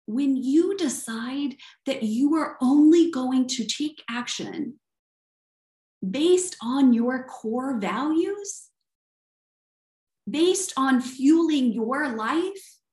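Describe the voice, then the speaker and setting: A middle-aged woman with a Southern US accent speaks in a high, bright-pitched voice at an unhurried, deliberate pace. She coaches earnestly, posing rhetorical questions. The room around her rings with echo. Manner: earnest, asks rhetorical questions, tags "right?". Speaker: life coach. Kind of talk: motivational talk. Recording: echoey room.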